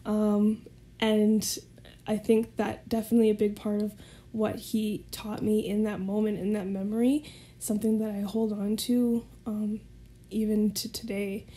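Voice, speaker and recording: A woman's voice: mid-range voice, warm tone. A woman guest telling a personal story in a casual way, often laughing as she talks. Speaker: podcast guest.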